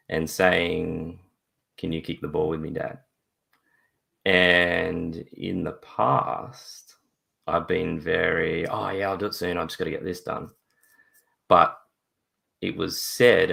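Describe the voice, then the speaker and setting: A man, a father, telling a story in a live video-call interview, laughing often and acting out voices. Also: pushed and bright. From Australia. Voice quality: deep gravelly voice. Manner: laughs often, acts out voices in his stories.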